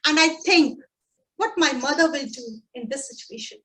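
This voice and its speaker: A woman giving a prepared speech at a speaking club, slow and deliberate with dramatic pauses. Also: sits high, expressive, sharp tone, low-quality recording.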